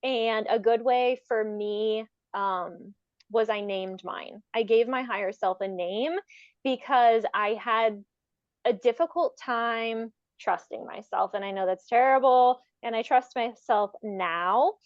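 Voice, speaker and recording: A woman's voice: on the high side, takes it slowly, smooth, no echo. Woman cohosting a spiritual chat podcast, thoughtful and explaining, dry dull-ish sound. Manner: reflective, explanatory, trails off with fillers. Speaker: podcast co-host. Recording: dry, slightly dull audio.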